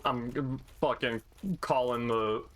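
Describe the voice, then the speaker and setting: A man's voice: medium pitch, steady tone, slow pace, fairly bright tone. A man streaming a video game, chatting casually with lots of swearing and mock indignation. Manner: profane, joking, mock-indignant. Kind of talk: casual gaming chat.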